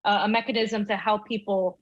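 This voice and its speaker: A woman's voice: mid-range voice, little pitch movement, fairly quick, no echo. Woman co-hosting over a dull dry mic. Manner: casual, filler-heavy, restarts often. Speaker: co-host. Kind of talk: casual political commentary.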